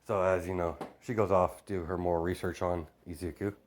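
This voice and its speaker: A man's voice: low-pitched, level tone, brisk, a little hiss or hum. A man casually improvising a fan story aloud, rambling with many fillers.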